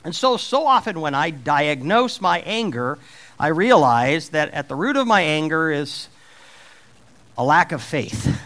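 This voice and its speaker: A man's voice: fairly high pitch, big pitch swings, a little slow, a bit bright. A middle-aged man preaching a sermon, taking on God's voice for the scripture questions with rising emphasis.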